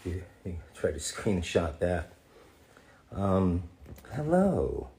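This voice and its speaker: Playful low-voiced man reading fan chat. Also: very animated, slow, dark tone, a little hiss or hum. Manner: playful, jokey, calls fans darling. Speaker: voice actor answering fan questions. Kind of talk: live stream Q&A, reading chat aloud.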